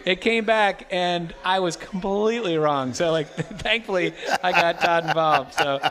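Chatty man telling stories, slightly high voice. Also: a little slow, fairly bright tone. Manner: rambling storyteller, laughs often. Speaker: host. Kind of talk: casual baseball podcast chat.

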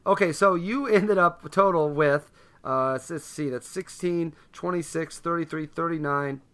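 A man's voice: a little high, measured pace, a bit bright. A man hosting a casual sports trivia quiz on his show, upbeat and chatty. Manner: upbeat, chatty, frequent restarts and throat clearing. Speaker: podcast host running a trivia quiz.

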